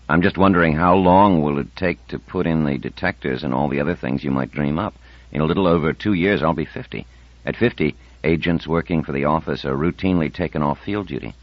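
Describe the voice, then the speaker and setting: Narrator playing a low, subdued man near fifty, very deep, dry dull recording. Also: no room sound. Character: worried man near fifty, quiet and earnest.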